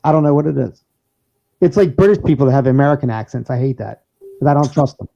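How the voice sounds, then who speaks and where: Guy rambling and laughing a lot on a podcast, dull lo-fi sound, mellow voice. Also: mid-range voice, lively intonation, fast, vocal fry. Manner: rambling, laughs often, restarts. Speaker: podcast co-host and DJ. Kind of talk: casual banter.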